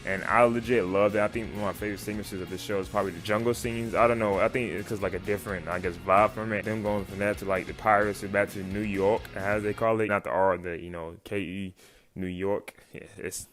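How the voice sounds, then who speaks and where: A man casually reviewing a show for his channel, rambling and excited, full of slang and fillers. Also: fairly low pitch, fast talker, few pauses, faint music behind. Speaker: YouTube reviewer.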